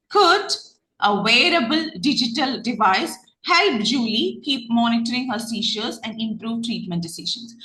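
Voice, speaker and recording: A woman with a Malayali English accent teaches an online reading class. She quizzes her students over and over, restarts her sentences, and speaks in a bright, fairly high voice. The room gives her voice a noticeable echo. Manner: questioning, repeats herself, many restarts. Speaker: OET reading trainer.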